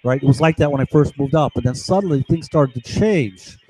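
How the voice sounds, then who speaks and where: A man's voice: medium pitch, fairly quick, dark tone, breathy edge, no echo, rough recording. A man talking in an agitated, rambling monologue from home, with lots of restarts and asides. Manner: agitated, digressive, many restarts and "right?" tags. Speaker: vlogger.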